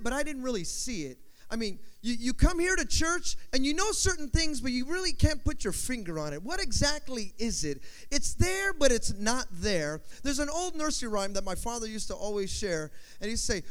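High, lively-voiced male preacher. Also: clean tone. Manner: animated storytelling, repeats phrases for emphasis. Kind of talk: sermon.

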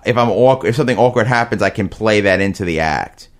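A man with a Brooklyn-Queens New York accent, chatting casually as a comedian guest, halting and hesitant with many fillers. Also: on the low side. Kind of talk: casual chat.

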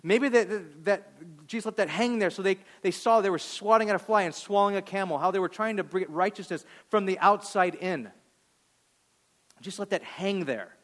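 A male pastor in full sermon mode, his voice sitting somewhat high for a man. He drives his points hard, then drops quiet for scripture and quoted lines. He slips into brief voices of people in the story as he goes. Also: normal speed. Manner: dynamic preaching, swings from loud emphasis to hushed quotes.

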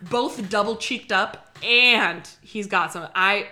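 A woman co-hosting a casual podcast, her voice bright and clear. She talks in an animated, playful way and laughs often while she spins little scenarios. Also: mid-range voice, slow. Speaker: podcast co-host. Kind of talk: casual chat.

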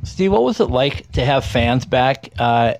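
A man's voice: medium pitch, big pitch swings, measured pace, vocal fry, no room sound. A man hosting a sports interview, asking direct questions in casual talk. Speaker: interview host.

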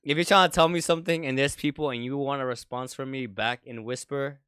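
A young man hosting a podcast jokes loosely and laughs often in casual chat. His voice is smooth and mid-pitched, recorded dry and close. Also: fairly even intonation, brisk, no room sound. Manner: joking, laughs often, loud speaker. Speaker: podcast host.

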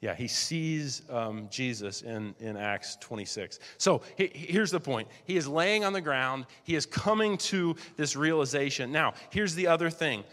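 A man preaching a sermon as pastor, reading scripture aloud and slowing down to stress key words. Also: fairly high pitch, lively intonation, a bit bright, long reverb tail. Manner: preaches with dramatic read-aloud quotes and slowed emphasis.

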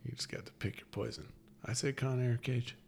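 A man in his thirties, a firefighter-paramedic guest, chatting casually and excitably, often repeating words as he starts a thought. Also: mid-range voice, a little fast, gravelly, a little hiss or hum. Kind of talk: casual chat.

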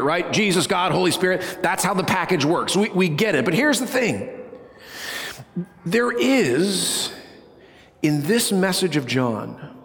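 A man preaching a sermon to a congregation, animated, with loud bursts and hushed low passages. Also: in a large hall. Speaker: pastor. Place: church sanctuary.

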